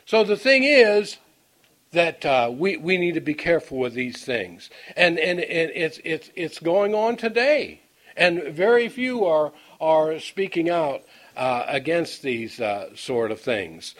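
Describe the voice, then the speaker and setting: A man with a notably high voice teaches from scripture in a sermon. He reads the verses slowly and with weight. Between them he drifts into homespun anecdotes, stumbling and repeating himself as he hunts for words. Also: animated, fairly bright tone. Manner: folksy, storytelling asides; halting, repeats words while finding them. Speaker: preacher.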